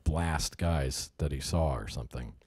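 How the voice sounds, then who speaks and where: A man's voice: a bass voice, moderate pace, darkish tone, slightly rough, dry recording, clean studio sound. A middle-aged man answering interview questions in a casual, hesitant way, acting out people he quotes. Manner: hesitant, restarts, acts out quoted voices animatedly. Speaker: actor interviewee.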